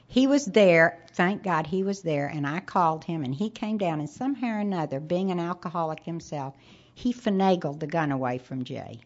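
A woman giving a personal testimony, telling it in an animated, wry way. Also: fairly low pitch. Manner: animated, wry storytelling with dramatic pauses. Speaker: recovery meeting speaker. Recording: slightly muffled lo-fi recording.

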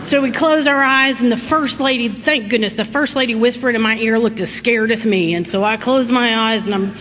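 High-voiced woman in echoey hall. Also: normal speed. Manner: folksy, animated, laughs through her story. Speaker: recovery meeting speaker. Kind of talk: personal recovery talk. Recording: echoey hall with faint noise.

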